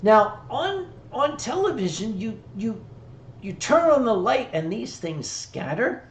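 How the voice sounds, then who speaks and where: A man's voice: high voice, very animated, measured pace. A man from Pennsylvania hosting a stream, telling a rambling, profane story in casual chat. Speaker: streamer host. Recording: echoey room with faint noise.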